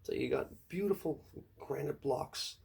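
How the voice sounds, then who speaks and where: A man's voice: unhurried, vocal fry, slightly rough. A man telling a rambling, profane comedic monologue full of conspiratorial asides. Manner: jumps to high excited pitch for emphasis.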